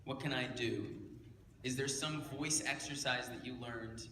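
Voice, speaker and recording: A man's voice: mid-range voice, steady tone, measured pace, bright, forceful tone. A man hosting a convention panel, asking friendly questions and teasing his guest. His voice comes from far off in a large reverberant hall with faint room noise. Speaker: panel moderator.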